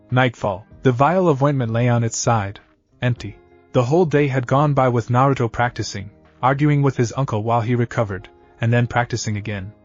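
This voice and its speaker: Male narrator, steady story reading, mid pitch, slightly muffled audio. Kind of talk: scripted fan-fiction narration. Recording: dull lo-fi audio. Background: faint background music.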